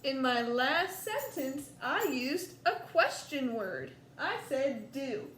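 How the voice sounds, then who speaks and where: A woman with a Southern US accent teaching a first grade lesson, slow and coaxing, stretching words out for young children. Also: sits high, big pitch swings, fairly bright tone. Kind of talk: recorded distance-learning lesson for young children. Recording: echoey room, faint background noise.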